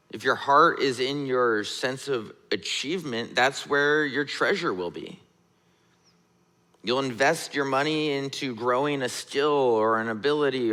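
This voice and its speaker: Pastor guy in his 30s preaching, bright forward voice, chatty with lots of "right?", church hall echo. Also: medium pitch. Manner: conversational, relatable preaching with frequent "right?". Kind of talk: sermon. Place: church sanctuary.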